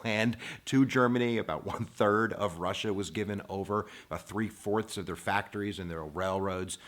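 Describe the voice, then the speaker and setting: A man delivers a casual video history lesson with a fairly low voice. He talks informally and playfully, and swings into loud, emphatic bursts for effect. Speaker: teacher. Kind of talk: energetic video lecture.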